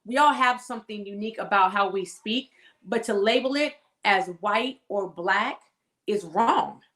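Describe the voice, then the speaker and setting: A woman with a Californian accent, a guest in a casual conversation, talking in an animated, emphatic way and laughing often. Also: medium pitch, unhurried. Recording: echoey room.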